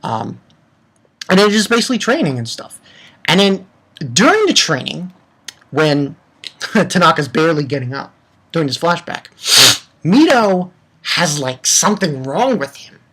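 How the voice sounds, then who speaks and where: Excited young man rambling a manga review. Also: on the high side, unhurried, long pauses, a little hiss or hum. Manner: excited, rambling, swears a lot. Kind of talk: casual solo review.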